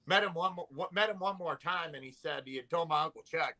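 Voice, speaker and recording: A man's voice: on the high side, fast talker, a crowd in the background. A man from Nevada, a country musician and guest, telling a long family story in a rambling way. He keeps linking clauses with "and he said". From Nevada, USA. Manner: rambling anecdotal, strings clauses with "and he said". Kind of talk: casual storytelling interview.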